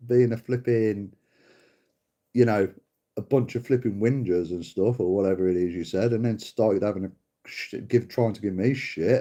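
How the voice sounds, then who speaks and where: A man's voice: lowish voice, normal speed, dark tone. A middle-aged man hosting a livestream, casually bickering and swearing at a viewer, calling him mate. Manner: bickering, sweary, mocking, calls people mate. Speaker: livestream host.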